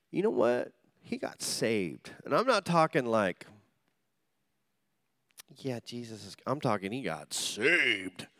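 Lively, animated preacher man. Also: a little high, no echo, clean studio sound. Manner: animated storytelling with call-and-response to the congregation; humorous, acts out quoted voices. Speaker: pastor. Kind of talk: sermon.

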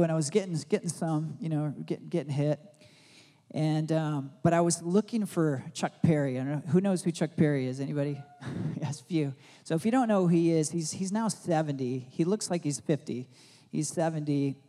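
A pastor giving a sermon, telling a rambling personal story full of fillers and restarts, growing loud and excited as he retells it. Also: on the high side, big-room sound.

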